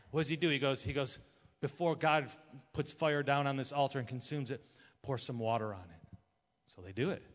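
Man, pastor, sermon, animated storytelling, slightly high voice, long hall reverb. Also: dull audio. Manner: animated storytelling, acting out characters' lines. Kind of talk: sermon retelling a Bible story.

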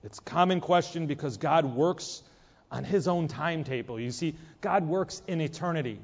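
A man preaching a sermon, emphatic and animated, who acts out whiny prayers in a mocking voice. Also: fairly high pitch, normal speed, creaky. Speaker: pastor. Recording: dull lo-fi sound with long hall reverb.

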